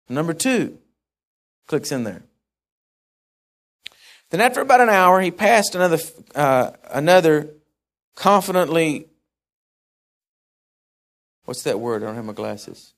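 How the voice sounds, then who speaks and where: A man delivers an informal sermon, thinking out loud and restarting his sentences as he goes. His voice is slightly high and very animated in pitch. He switches readily between reading a passage and musing on it. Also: measured pace, pauses often. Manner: animated, conversational, musing aloud with self-corrections. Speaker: preacher.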